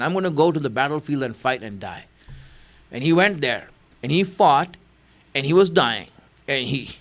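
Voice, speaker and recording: A man preaches with a high-pitched voice, telling his story as if talking to friends. He keeps it conversational, with fillers and plain words. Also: fairly bright tone. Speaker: religious speaker. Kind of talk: sermon.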